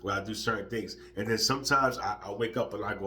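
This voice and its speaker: A man's voice: lowish voice, fast, sharp tone, a little hiss or hum. A man talking casually to his viewers about living spontaneously, loose and profane, laughing often as he talks. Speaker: vlogger. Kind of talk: casual spiritual monologue.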